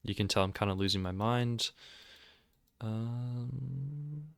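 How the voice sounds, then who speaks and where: A man hosting a trading video, talking over his screen in a casual, excitable and sarcastic, self-mocking way. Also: mid-range voice, takes it slowly, vocal fry, no room sound, clean studio sound. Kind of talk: casual screen-recorded commentary.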